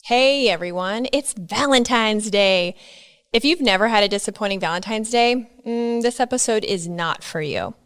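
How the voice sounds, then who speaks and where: A woman's voice: mid-range voice, normal speed, fairly bright tone, smooth, dry recording. A woman hosting a podcast in a wry, upbeat, casual way. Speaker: podcast host.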